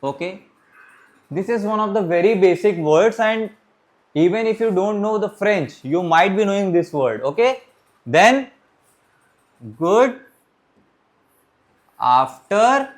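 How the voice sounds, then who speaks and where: A man teaching a beginners' French class, talking his students through the lesson and often pausing to say "okay, my friends". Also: high voice, lively intonation. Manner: repeats "okay, my friends", restarts and pauses while writing. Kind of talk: classroom lecture.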